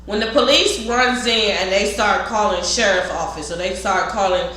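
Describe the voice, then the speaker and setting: A woman's voice: mid-range voice, moderate pace, sharp tone. Direct-speaking woman trainer, recorded in a very reverberant room. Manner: emphatic, direct, talks to viewers as y'all. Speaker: security trainer. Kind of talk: casual instructional talk. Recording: very echoey room, faint noise.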